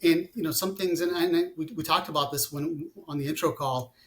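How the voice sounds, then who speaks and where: Founder guest, man in his forties, fairly high voice, loose rambling delivery full of "you know". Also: steady tone, brisk, fairly bright tone. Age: 40s. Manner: rambling, many fillers and restarts. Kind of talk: casual interview conversation.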